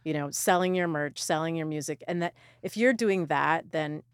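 A woman's voice: low-pitched, moderate pace, clear, resonant tone, no room sound, studio quality. A woman who founded a record label, a guest in casual chat, opinionated and at times sarcastic.

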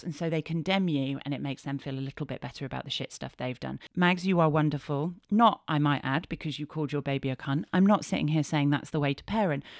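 A woman in her thirties hosts a candid podcast in a low voice. She swears freely and moves from hushed asides to animated bursts. The sound is close and dry. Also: no room sound. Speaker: podcast host.

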